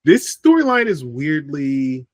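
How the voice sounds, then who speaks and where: A man's voice: fairly high pitch, sing-song, takes it slowly, dry recording. A man co-hosting a podcast, talking casually about wrestling and often stopping on ums and restarts. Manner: rambling, with frequent ums and restarts. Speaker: podcast co-host. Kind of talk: casual wrestling review chat.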